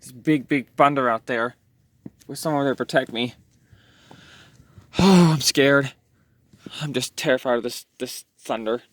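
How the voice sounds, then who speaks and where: A man's voice: mid-range voice, measured pace, pauses often, no echo, natural voice. A man voicing a jittery male robot clown who is frightened of storms, sighing and whining as he talks. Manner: sighing, whiny, easily frightened.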